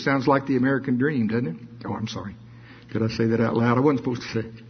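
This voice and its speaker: A man preaching a sermon, reading scripture slowly and adding playful asides. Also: mid-range voice, steady tone, breathy edge. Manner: reads scripture slowly, adds asides with laughs. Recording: dull lo-fi sermon recording.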